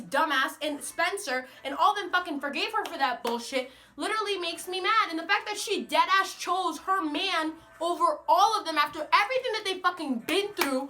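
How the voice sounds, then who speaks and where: A young American woman ranting casually to camera, animated and profane, full of exasperation. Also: very high voice, normal speed, hardly any pauses. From United States. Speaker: vlogger.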